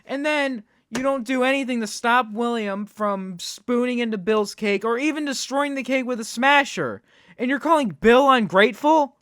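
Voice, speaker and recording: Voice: mid-range voice, normal speed, a bit bright, no room sound, clean studio sound. A reaction video host ranting indignantly, with heavy swearing.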